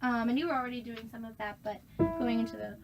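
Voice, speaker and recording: A woman's voice: a little high, steady tone, fast, over loud music. A young woman coaching a student through a voice lesson, encouraging and demonstrating exercises. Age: young adult. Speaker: voice teacher.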